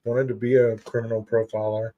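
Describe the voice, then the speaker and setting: This therapist talks fast in a warm, mid-range voice with a level tone as he hosts a casual live stream. He tells stories and answers chat in a rambling style, restarting often and filling gaps with "you know." A distant mic gives the sound a dull, muffled quality.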